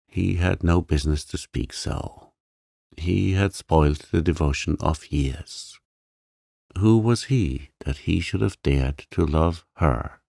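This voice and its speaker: Deep, gravelly, slow-reading man. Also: no echo, clean studio sound. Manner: gentle, soothing, softly spoken. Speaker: sleep story narrator. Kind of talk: calm scripted narration.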